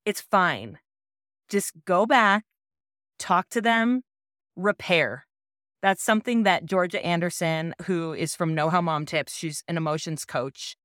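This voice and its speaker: A woman in her thirties hosting a parenting podcast, sharing a personal story in a gentle, earnest and reassuring way. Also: lowish voice, steady tone, unhurried, dry recording, clean studio sound.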